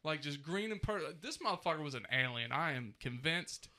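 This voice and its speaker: A man's voice: fairly high pitch, animated, brisk, bright, forceful tone, a little hiss or hum. A man in his thirties co-hosting a podcast, ranting animatedly with lots of swearing in casual chat. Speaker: podcast co-host.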